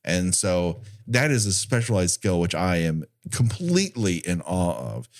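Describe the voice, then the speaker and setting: A man's voice: low-pitched, sing-song, measured pace. A man co-hosting a podcast in casual chat, rambling and swearing as he laughs along. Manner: rambling, profane, laughing often. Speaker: podcast co-host.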